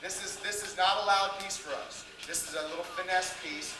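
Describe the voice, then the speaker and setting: A man's voice: sits high, steady tone, brisk. A man instructing a drum and bugle corps in stern rehearsal instruction, firm and lecturing as he counts off and sings out rhythms, recorded in an indoor rehearsal room on old tape. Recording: echoey room, far mic, hissy old tape.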